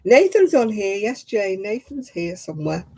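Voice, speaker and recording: A woman's voice: medium pitch, sing-song, moderate pace, darkish tone, husky. A woman hosting a crafting live stream, chatting casually with viewers in a self-mocking way and laughing often. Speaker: craft livestream host.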